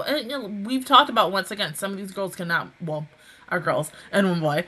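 Woman, review host, casual chat, animated, bright tone, self-correcting. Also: medium pitch, brisk. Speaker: anime reaction host.

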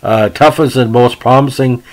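Casual male podcast host, middle pitch, rambling delivery. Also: normal speed, low-quality recording. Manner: rambling, with many fillers and restarts. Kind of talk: casual hockey history podcast.

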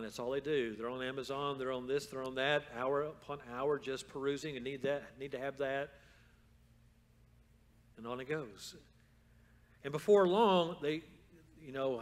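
A man preaching a sermon as pastor in a church, moving from calm storytelling to loud, fervent exhortation. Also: mid-range voice, a little slow, pauses often. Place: church sanctuary.

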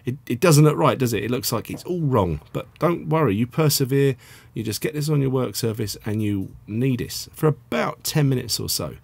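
A man's voice: medium pitch, lively intonation, moderate pace, gravelly, a little mellow, husky, no room sound. A man hosting a casual cooking demonstration, chatty and self-deprecating. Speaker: cooking show host.

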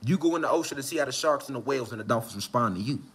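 A man giving a fired-up, profane, slangy preaching monologue outdoors in the mountains, often rising to shouts. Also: mid-range voice, expressive, rapid-fire, breathy edge. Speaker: spiritual commentator.

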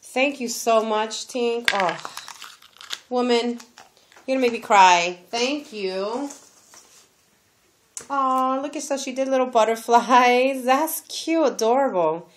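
Lady opening a gift on camera, talks slow, keeps gushing oh my gosh. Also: a little high. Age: adult, has a daughter. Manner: gushing, exclaims often. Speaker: crafting vlogger opening a gift. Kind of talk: casual unboxing chat.

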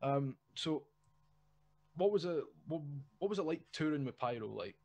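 A man hosting a band podcast, excitable and sweary, joking between questions. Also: on the high side, normal speed. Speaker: podcast host, band member. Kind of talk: casual podcast chat.

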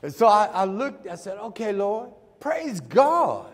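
A middle-aged man preaching a sermon, telling a story and acting out the dialogue before building to shouts. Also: high voice, big pitch swings, measured pace. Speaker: pastor. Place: church sanctuary. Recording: church hall with long reverb.

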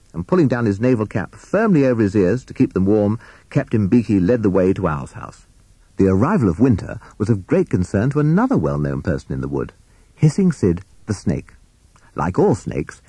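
A man reads a children's story aloud with a husky, mellow voice pitched on the low side. His telling is expressive and lively, rising and falling through the tale, and the sound is dry and close. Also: no echo. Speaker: narrator. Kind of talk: storybook reading.

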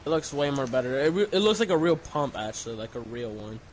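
A man's voice: mid-range voice, big pitch swings, quick pace, slight background noise. A young man talking hesitantly with many fillers while playing a game with friends. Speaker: gaming friend. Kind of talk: casual gaming chat.

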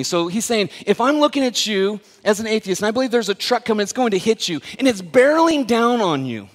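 A man preaching a sermon as the pastor, talking casually and then building to loud, emphatic preaching. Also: sits high, very animated, brisk, hardly any pauses. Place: church sanctuary. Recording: long reverb of a church hall.

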